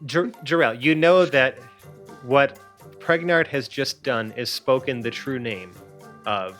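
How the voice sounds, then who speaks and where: A man narrating as game master in a casual, relaxed way, with many fillers. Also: medium pitch, slow, soft background music.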